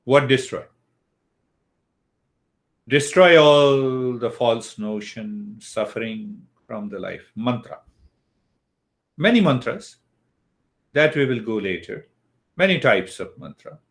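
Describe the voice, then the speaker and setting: With a mid-range voice and lively intonation, an older man leads a yoga philosophy lesson. His delivery is slow and deliberate, and he asks his own questions before answering them.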